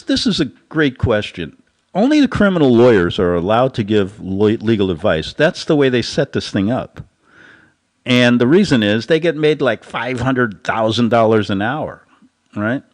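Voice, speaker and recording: A male host gives a loose, rambling commentary monologue. His pitch swings up and down constantly, and he keeps chuckling at his own jokes.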